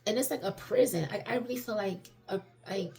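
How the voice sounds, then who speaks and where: A woman's voice: mid-range voice, a little fast, vocal fry, warm tone. A woman talking candidly in a casual personal monologue, rambling and self-reflective, swearing freely. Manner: self-reflective, many restarts and fillers. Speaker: vlogger sharing personal reflections.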